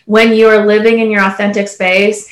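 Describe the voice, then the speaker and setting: Canadian woman telling her story, flat. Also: medium pitch, moderate pace, echoey room. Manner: earnest storytelling with frequent "like" and "you know". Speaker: panelist. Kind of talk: casual panel discussion.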